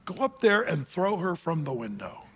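A man's voice: on the high side, sing-song, moderate pace, fairly bright tone, breathy edge, heavily acted. A man voicing a brash warrior king who gives blunt commands. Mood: commanding.

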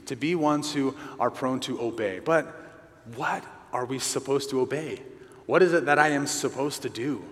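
A man's voice: medium pitch, fairly bright tone. A man preaching a sermon to a men's group, earnest and conversational, repeating key phrases for emphasis. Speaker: pastor at a men's gathering. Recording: reverberant hall.

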